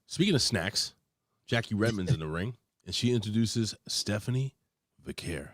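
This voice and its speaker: A man's voice: moderate pace, no echo, studio quality. A man hosting a casual wrestling review show, recapping in a profane, rambling way. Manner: profane, rambling recaps with lively pitch swings. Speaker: host.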